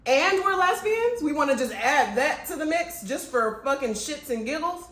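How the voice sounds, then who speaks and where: A woman's voice: sits high, lively intonation, moderate pace, a bit bright. A woman from Florida co-hosting a casual chat, talking bluntly and emphatically with some swearing. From Florida, USA. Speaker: podcast co-host. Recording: echoey room.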